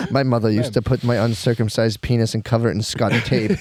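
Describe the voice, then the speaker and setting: A man's voice: mid-range voice, darkish tone, slightly rough, voice pushed down. A man voicing a scolding French mother in an exaggerated mock French accent. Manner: exaggerated, theatrical. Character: scolding French mother, middle-aged woman.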